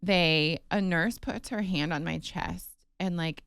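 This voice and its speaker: A woman co-hosting a podcast, telling a personal story in casual chat, animated and emotional with many fillers. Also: fairly low pitch, slow, vocal fry, clear, resonant tone, no room sound, studio quality. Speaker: podcast co-host.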